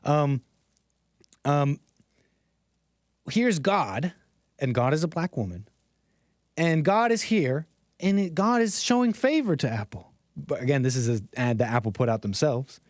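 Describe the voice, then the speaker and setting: A man's voice: on the high side, expressive, measured pace, long pauses, no room sound, studio quality. A man hosting a casual commentary stream with call-ins, rambling and sarcastic, with chuckling asides. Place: home streaming setup.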